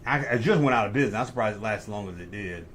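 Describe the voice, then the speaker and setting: A man's voice: lowish voice, animated, racing, fairly bright tone, a little hiss or hum. A middle-aged man hosting a live stream, casually telling rambling, profane anecdotes and correcting himself as he goes. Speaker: livestream host.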